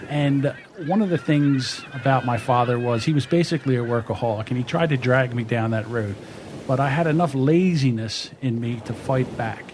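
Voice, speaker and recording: A man calmly introducing stories about his father on a podcast. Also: medium pitch, moderate pace, a little hiss or hum. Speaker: podcast host. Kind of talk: spoken intro.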